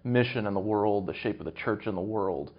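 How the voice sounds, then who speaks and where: Deep-ish guy explaining stuff carefully, academic, kinda muffled lo-fi sound. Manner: measured, academic, thinks aloud. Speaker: guest. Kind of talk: conversational interview. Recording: dull lo-fi recording.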